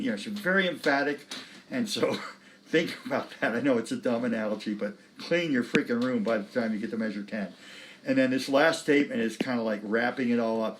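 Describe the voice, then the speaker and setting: A man teaching music, talking students through sheet music in a relaxed, encouraging way and singing phrases on syllables. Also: medium pitch, a little fast, slight background noise.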